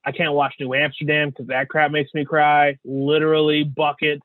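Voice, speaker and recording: A man's voice: on the high side, flat delivery, moderate pace, dry recording. Earnest man on a tinny, dry line. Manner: earnest, rambling, slangy. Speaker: podcast co-host. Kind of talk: casual chat. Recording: dry, phone-like sound.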